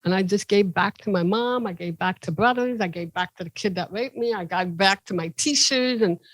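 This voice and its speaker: Ohio woman telling her life story on a podcast, animated, jumps into voices, dry room. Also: normal speed, dry recording, low-quality recording. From Ohio, USA. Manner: animated, acts out quoted voices with big pitch jumps. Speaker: podcast guest. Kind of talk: personal storytelling.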